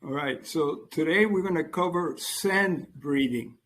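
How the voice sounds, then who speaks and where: A cheerful man in his seventies with a slightly high voice, a breathing coach speaking over a video call. He chats casually and laughs easily. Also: a little slow, fairly bright tone. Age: 70s. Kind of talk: casual chat.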